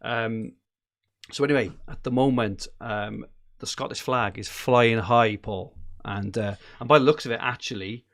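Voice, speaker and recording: A man's voice: mid-range voice, unhurried, no room sound, clean studio sound. A man co-hosting a casual podcast, reading out league standings with lots of ums and uhs. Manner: chatty, reads out standings with many fillers. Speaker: podcast co-host.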